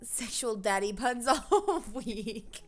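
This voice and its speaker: A woman's voice: fairly high pitch, animated, takes it slowly. A woman streaming a game, chatting casually and giggling as she greets her chat and reads along. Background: faint game music.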